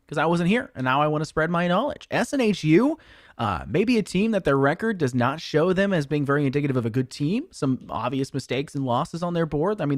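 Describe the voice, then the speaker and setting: A young man casting a collegiate esports match, excited and joking, sounding tired. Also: on the high side, dry recording, studio quality. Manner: excited, jokey, rambling. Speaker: esports caster. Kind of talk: esports commentary.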